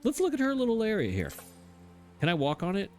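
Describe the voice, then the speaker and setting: A man's voice: sits high, wildly swooping pitch, quick pace, a little mellow, soft background music. Chatty man narrating his gameplay. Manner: chatty, self-mocking, laughs often. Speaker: let's play host. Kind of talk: casual gameplay commentary.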